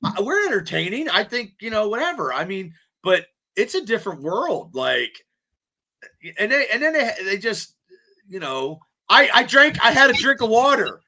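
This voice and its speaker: A man's voice: high voice, very animated, moderate pace, sharp tone. A man hosting a podcast in casual chat, rambling and stammering as he repeats words. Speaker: podcast host.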